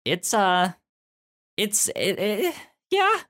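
A man's voice: high voice, wildly swooping pitch, pushed and bright. Guy hosting a gaming podcast, lots of stops and restarts, voice bouncing all over. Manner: halting, many restarts, laughs often. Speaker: podcast host. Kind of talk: casual chat.

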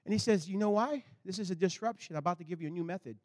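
A man delivers a sermon in a high, bright-sounding tenor. He tells his story in animated swings, jumping to loud outbursts and then dropping to low, intense passages. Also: rapid-fire. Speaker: pastor.

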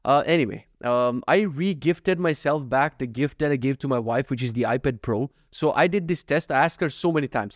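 A young adult man on a casual solo podcast, rambling fast and swearing, mocking himself and quoting others in quick voices. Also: mid-range voice, lively intonation, dry recording, clean studio sound. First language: not given. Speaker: podcast host. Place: at home.

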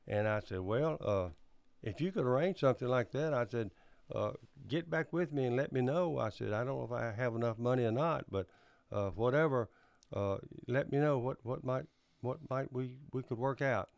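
An older man, recounting his past in an oral history interview, halting often with fillers and restarts and clearing his throat. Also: mid-range voice, darkish tone, dry recording. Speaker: interviewee recounting Cold War service.

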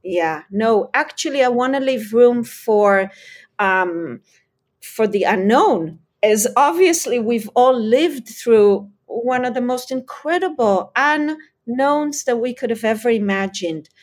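A woman speaking as a parenting expert guest in an interview, explaining her ideas in an earnest, expressive way. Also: fairly high pitch, slow. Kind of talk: conversational interview.

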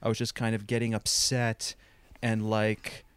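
A man's voice: on the low side, monotone, unhurried, noisy background. A man co-hosting a podcast, telling a long wry anecdote in a casual, rambling way, full of "like" and restarts. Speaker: podcast co-host.

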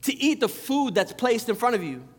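High-voiced man preaching in a reverberant church. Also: sing-song, normal speed, slightly rough. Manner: conversational preaching with many restarts and asides. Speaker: pastor. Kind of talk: sermon. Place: church sanctuary. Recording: long reverb of a church hall.

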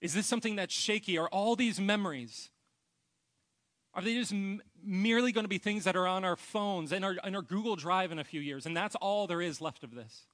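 A male pastor preaching a sermon with earnest personal storytelling, often trailing off into a soft, low voice. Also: brisk.

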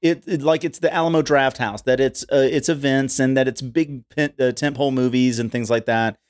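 A man's voice: medium pitch, fairly even intonation, fairly quick. Rambling man in casual podcast chat. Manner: rambling, with many restarts and throat-clearing. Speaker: podcast co-host.

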